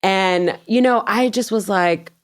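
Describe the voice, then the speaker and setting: A woman guest telling a story in an interview. She is animated, laughs often, acts out her own past words, and swears bluntly. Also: mid-range voice, takes it slowly.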